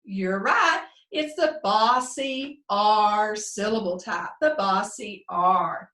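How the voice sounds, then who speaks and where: A woman teaching a phonics lesson to young children, sounding out words slowly in an encouraging sing-song way. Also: medium pitch, sharp tone, roomy sound, far from the mic. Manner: slow, drawn-out sounding out of words. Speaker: second grade teacher.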